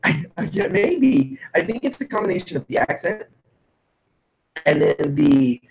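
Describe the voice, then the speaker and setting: A man, a player, chats casually about the campaign, mostly agreeing in short bursts. His voice is gravelly and a bit higher than most men's, with lively pitch. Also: measured pace, rough recording. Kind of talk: casual podcast chat.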